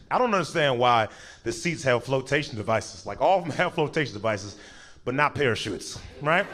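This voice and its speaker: A man doing a stand-up comedy set on a club stage, animated, now and then jumping into high squealing voices for other people. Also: slight background noise. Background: audience laughter.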